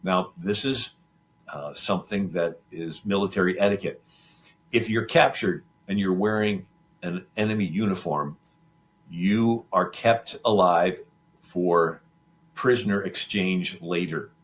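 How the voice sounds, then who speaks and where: A man with a deep voice and measured pace hosts a talk show, rambling loosely through a history story. He's animated, acting out the lines of the historical figures, and his delivery is full of fillers and restarts.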